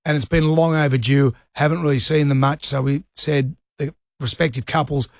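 A man's voice: fairly high pitch, fairly even intonation, moderate pace, no echo, clean studio sound. A middle-aged Australian man hosting a radio show, telling a rambling story in casual chat. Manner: rambling anecdotes with laughs. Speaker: radio host.

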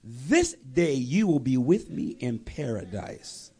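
A man voicing a calm, solemn male teacher who speaks in a slow, grave, lowered voice. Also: breathy edge, exaggerated voice.

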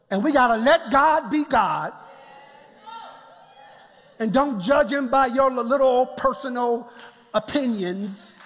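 A man with a very high, husky voice preaching a lively sermon to his congregation. He chuckles often and calls out for responses. His words ring out with a long reverb through the church. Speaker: pastor. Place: church sanctuary.

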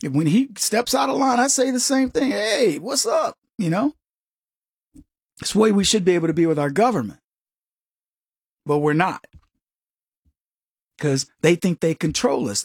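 Husky-voiced male talk radio host. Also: a little high, no room sound, studio quality. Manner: rambling storyteller, animated and opinionated. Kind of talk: casual talk radio monologue.

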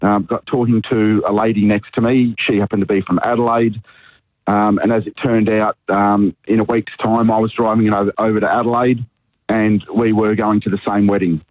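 A man's voice: fairly low pitch, level tone, moderate pace, no room sound. Hesitant male caller on a tinny line. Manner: hesitant, with many ums. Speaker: radio caller.

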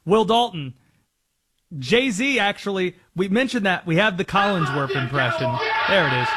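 A man's voice: high voice, expressive, moderate pace, heavy background noise. A man hosting a sports radio show, chatting casually and joking around about impressions. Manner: playful, jokey, teases impressions.

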